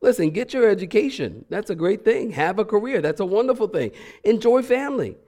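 A middle-aged man preaching a lively, conversational sermon as a guest preacher, playfully acting out voices. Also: sits high, a little fast.

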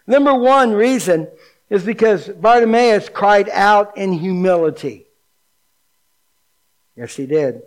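A middle-aged man preaching as a pastor, animated and folksy, dropping to a hushed low voice for emphasis. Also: takes it slowly, pauses often. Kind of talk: sermon.

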